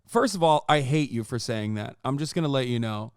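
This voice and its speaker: A man's voice: mid-range voice, expressive, a little fast, smooth, no room sound, clean studio sound. A man in his thirties streaming, reacting to a video with profane, sarcastic ranting. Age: 30s. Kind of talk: casual livestream commentary.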